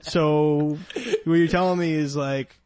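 Dude riffing a dirty rambling comedy bit, kinda high voice, keeps doing the characters. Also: male voice, fairly even intonation, takes it slowly, a little mellow. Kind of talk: crude improvised comedy riffing.

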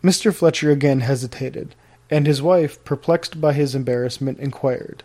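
A man narrating period fiction as an audiobook, in a measured, formal storytelling manner. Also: mid-range voice, a little mellow.

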